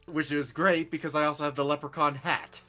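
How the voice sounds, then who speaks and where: A man's voice: fairly high pitch, level tone, brisk, pushed and bright. Guy streaming a farming game w a friend, jokey, lots of laughing, faint music behind. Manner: playful, laughs often, mock-offended teasing. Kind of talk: casual gameplay chat.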